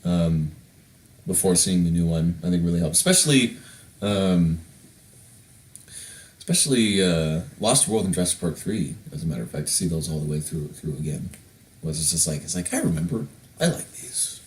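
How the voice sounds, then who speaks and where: A man's voice: sits low, normal speed, long pauses, distant mic. A man co-hosting a podcast, rambling casually with many restarts. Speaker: podcast co-host. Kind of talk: casual chat. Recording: echoey room.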